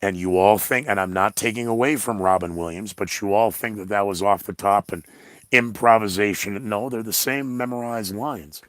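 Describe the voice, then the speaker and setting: A man's voice: on the low side, moderate pace, smooth, no room sound, clean studio sound. A man hosting his own podcast, talking in a rambling, blunt monologue full of sarcastic asides. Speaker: podcast host.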